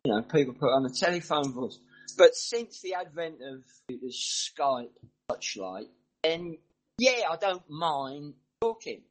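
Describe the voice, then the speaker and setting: Middle-aged man, mixed English accent, husky, rambling casual storyteller. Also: fairly high pitch, animated, unhurried, low-quality recording. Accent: mixed northern and southern English. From English Midlands. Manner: rambling, chatty storytelling with asides. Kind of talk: casual chat.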